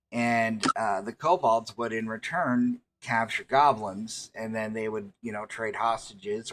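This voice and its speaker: A male game master slowly narrating a tabletop session, his speech halting and full of restarts and fillers. His voice is mid-pitched, with a faint hum of room ambience behind him. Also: fairly bright tone.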